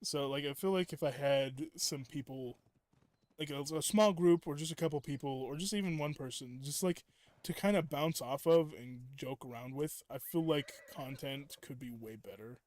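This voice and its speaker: A fairly high-pitched, slightly mellow young man talks at a moderate pace while streaming a game. He wanders through his anecdotes casually, cutting himself off, starting over and leaning heavily on filler words.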